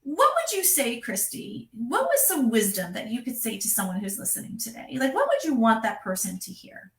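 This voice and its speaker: Upbeat motivational woman coach on a live stream, kinda high voice, roomy and a bit far from the mic. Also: sing-song, brisk, gravelly. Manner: effusive, motivational, repeats words. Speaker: relationship coach and host. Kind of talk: live interview chat.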